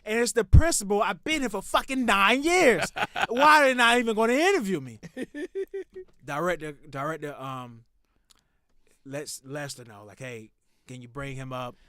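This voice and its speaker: A young man hosting a podcast, telling a long story in a loud, profane, animated way that drops to muttering. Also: sits high, moderate pace, dry recording, studio quality. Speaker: podcast host.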